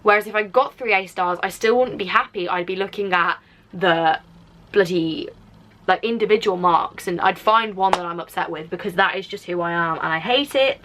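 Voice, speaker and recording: This Black Country vlogger, a young woman in her late teens from that part of England, answers viewer comments in a casual, rambling way full of fillers, speaking with a Black Country accent. Her voice is on the low side and a bit bright, at a moderate pace. The rough recording has a little hiss or hum.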